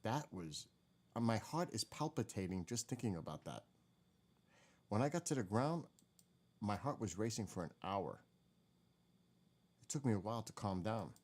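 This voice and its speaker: Low-voiced male streamer, rambling and candid, easygoing chat. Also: very animated, moderate pace, pauses often, darkish tone. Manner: rambling, candid, swears now and then. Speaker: live stream host. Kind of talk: casual chat reacting to old clips.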